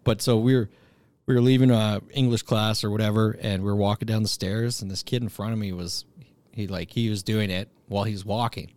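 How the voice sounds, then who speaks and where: A man's voice: lowish voice, fairly even intonation, fairly quick, a little mellow, no echo. Laid-back young man, casual chat. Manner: laid-back, laughs often, swears casually.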